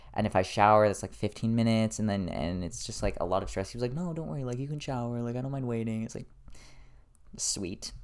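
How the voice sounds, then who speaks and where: A man's voice: on the low side, smooth. A young man rambling alone on his podcast, loose and profane with lots of filler words. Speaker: podcast host. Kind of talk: casual solo rambling.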